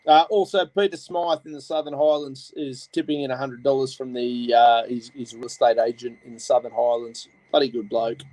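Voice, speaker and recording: A man's voice: medium pitch, fairly even intonation, moderate pace, few pauses, mellow, no room sound, low-quality recording. A man with an Australian accent hosting a casual chat, talking bluntly and swearing as he rambles. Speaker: host.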